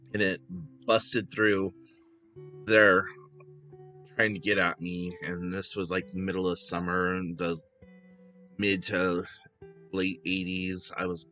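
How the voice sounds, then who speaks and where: Soft-spoken guy in his 30s, slow and hesitant, lots of ums, low voice. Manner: hesitant, many fillers and restarts. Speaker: vlogger. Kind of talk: casual chat to camera.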